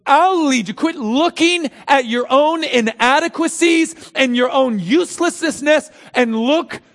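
A man voicing God as a blunt, commanding male figure, speaking loudly and emphatically. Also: measured pace, full character voice. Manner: loud, emphatic, high-pitched delivery. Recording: long reverb of a large hall.

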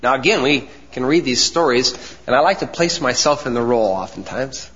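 A pastor with a medium-pitched voice delivers a sermon with earnest preaching, emphatic pauses, and drops into soft asides. The sound is dull, with long reverb from the hall.

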